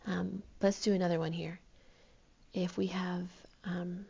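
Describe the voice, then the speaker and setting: Low gravelly woman teaching a lesson. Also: flat delivery, measured pace, mellow, highs cut off. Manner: patient, explanatory, counts syllables aloud. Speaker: Spanish teacher. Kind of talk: recorded classroom lesson.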